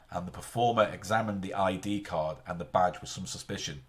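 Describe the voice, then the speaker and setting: A man's voice: low-pitched, steady tone, brisk, hardly any pauses. A man chatting casually on a live stream, rambling and often interrupting himself mid-sentence.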